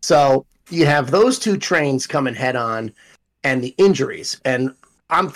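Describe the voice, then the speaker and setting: Young adult male podcast co-host, animated and profane in casual sports banter. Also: mid-range voice, measured pace. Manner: animated storytelling, swears freely.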